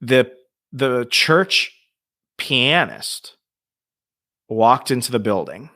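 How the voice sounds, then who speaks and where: A man telling a ghost story as a podcast guest, lively and swearing freely. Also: mid-range voice, extremely slow. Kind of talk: casual storytelling.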